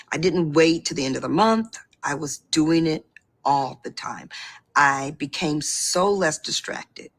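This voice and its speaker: A woman telling her own story as a beauty consultant in an animated, personal testimonial, breaking into excited outbursts. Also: low-pitched, slightly rough. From Boston area.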